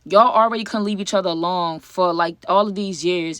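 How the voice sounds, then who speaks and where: A young woman tells a personal story time to her viewers, speaking in a lowish voice. She is chatty and dramatic, talking straight to her audience. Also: a little fast, fairly bright tone. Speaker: YouTube storyteller. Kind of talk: casual story time to camera.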